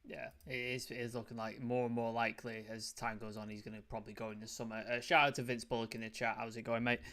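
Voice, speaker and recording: A man's voice: medium pitch, little pitch movement, fast talker, bright, forceful tone. A man hosting a casual football review chat, loose and chatty, full of fillers. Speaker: host.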